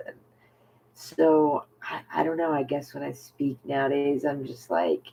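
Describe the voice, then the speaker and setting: Woman just talking to her camera, lots of "you know" and "like", kinda creaky voice. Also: very deep voice, big pitch swings, a little slow, slight background noise, poor audio. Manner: rambling and candid, many fillers like "you know". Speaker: vlogger. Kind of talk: casual personal vlog.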